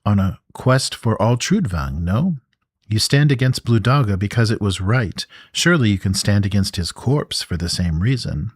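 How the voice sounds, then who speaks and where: A man's voice: on the low side, animated, moderate pace, no room sound, studio quality. A man voicing a male adventurer hero in a tabletop adventure, coaxing and pressing a companion. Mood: insistent. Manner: insistent, coaxing.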